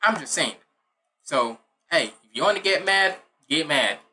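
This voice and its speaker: Male reaction host of Jamaican heritage, bright and sharp tone, blunt and ranting, swears freely. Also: fairly high pitch, expressive, a little slow. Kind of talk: casual reaction commentary.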